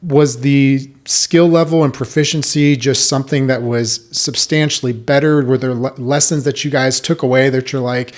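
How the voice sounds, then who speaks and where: A man in his thirties hosting a podcast, chatting casually and telling his own army stories with animated retellings. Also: medium pitch, moderate pace, few pauses. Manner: animated, acts out quoted voices. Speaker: podcast host. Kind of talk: casual conversational interview.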